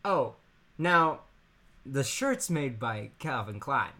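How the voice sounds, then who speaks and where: Laughing, animated man in casual chat. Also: mid-range voice, slow, over a noisy crowd. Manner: laughs often, acts out imagined conversations.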